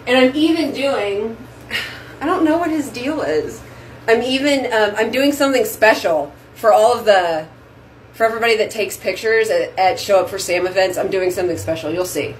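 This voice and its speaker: A woman's voice: a little high, lively intonation, normal speed, slight background noise, low-quality recording. A woman hosting a casual vlog, chatting effusively to her viewers from a bathroom sink at home. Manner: chatty and effusive, says "y'all". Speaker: vlog host. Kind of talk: casual chat to camera.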